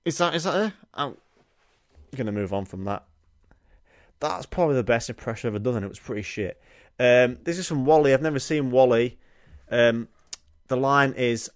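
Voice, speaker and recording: An excitable young man hosts a comedy podcast, swearing freely and laughing at his own jokes. His voice sits at an everyday middle pitch. The sound is close and dry, with no room around it. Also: moderate pace, no room sound. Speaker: podcast host. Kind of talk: casual comedic monologue.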